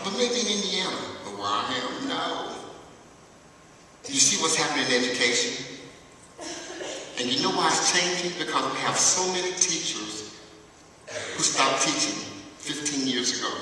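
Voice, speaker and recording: A man in his fifties, a music teacher, giving a conference keynote with animated storytelling and questions to the audience. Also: medium pitch. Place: large conference hall. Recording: echoey hall from far off, faint noise.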